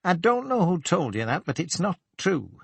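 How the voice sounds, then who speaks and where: A man's voice: mid-range voice, very animated, unhurried, creaky, fairly bright tone, husky, no echo, full character voice. A man voicing a nervous older shop manager who hesitates, fumbles, then turns indignant under questioning.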